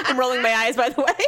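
A woman's voice: a little high, background noise. A middle-aged woman in casual chat, telling exasperated stories with lots of animation. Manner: animated storyteller, exasperated venting.

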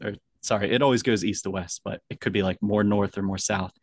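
A man's voice: lowish voice, steady tone, a little fast, slight background noise. A man appearing as a guest author on a podcast, explaining his ideas in a loose, rambling way and laughing often. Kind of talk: casual interview answers.

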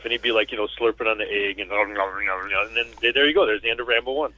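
A man's voice: medium pitch, steady tone, fast, no echo. A man chatting casually as a podcast guest, rambling loosely and slipping into goofy impressions. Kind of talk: casual chat. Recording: tinny phone-like sound.

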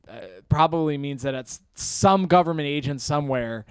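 A man's voice: fairly high pitch, moderate pace, clean tone, no room sound. A man co-hosting a podcast, rambling in crude comedic banter with lots of fillers. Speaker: podcast co-host.

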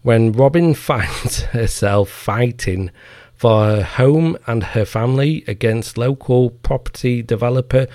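A man's voice: medium pitch, a little mellow, no echo, studio quality. A man hosting a podcast, ranting in a profane, heated and mocking way. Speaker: podcast host. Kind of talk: ranting commentary.

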